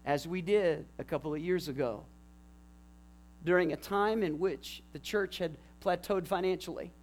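High-voiced man preaching with fervor. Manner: impassioned preaching, swings from hushed to shouting. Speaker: pastor. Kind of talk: sermon.

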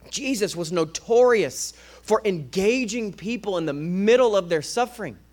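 Guest preacher, male, somewhat high voice, lively conversational sermon delivery that doubles back on words. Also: normal speed. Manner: energetic and conversational, repeating words as he restarts.

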